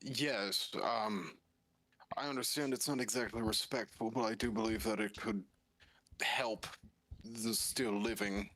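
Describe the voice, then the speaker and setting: A tabletop player on a voice call, hesitant, pausing often as they hunt for the right words. The sound is very dry, with no room around the voice, and the pitch sits in a mid range. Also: steady tone, a bit bright, no echo. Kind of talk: playing a tabletop game over voice chat.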